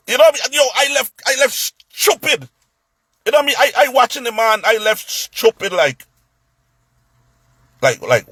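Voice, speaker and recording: A man telling a story in a casual rant, animated, stumbling over repeated words and acting out what others said. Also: very high voice, normal speed, long pauses, slightly rough, no echo.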